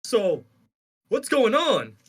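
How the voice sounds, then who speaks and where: A man's voice: sits high, huge pitch swings, drawn-out words, husky, pitched above the performer's own voice, exaggerated voice. A man putting on his doubting, needling brother. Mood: doubtful. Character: skeptical teasing older brother, man.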